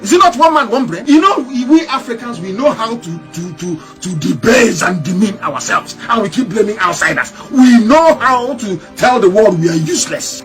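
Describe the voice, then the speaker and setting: A man giving an impassioned political monologue as a broadcaster, scornful and mocking, firing off rhetorical questions. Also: very high-pitched.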